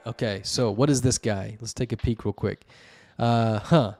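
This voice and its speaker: A man with a lowish voice talks through article reviews off the cuff. He rambles, stacks up fillers and restarts his sentences as he explains things at length. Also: fairly even intonation, moderate pace, vocal fry, hardly any pauses, a little mellow, faint music behind. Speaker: host reviewing wiki articles. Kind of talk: casual solo commentary.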